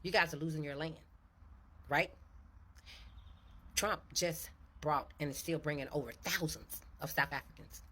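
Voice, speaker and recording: Low-voiced woman telling a story. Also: fairly even intonation, measured pace, long pauses, bright, forceful tone. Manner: chatty, addresses viewers with y'all, asks knowing rhetorical questions. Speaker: social media commentator. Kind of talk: conspiratorial storytelling to camera.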